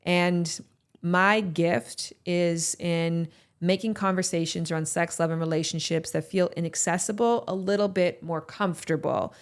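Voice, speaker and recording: A woman's voice: on the low side, clean tone. A woman hosting a podcast, talking candidly and reflectively to her listeners. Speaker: podcast host. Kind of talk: solo podcast talk reading listener reviews.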